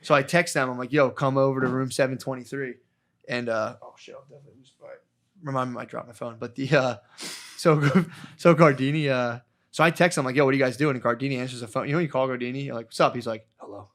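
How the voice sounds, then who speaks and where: A man's voice: medium pitch, steady tone, fast talker, fairly bright tone. A man hosting a podcast, telling a rambling, profane story and laughing as he goes. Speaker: podcast host. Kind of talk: casual storytelling chat.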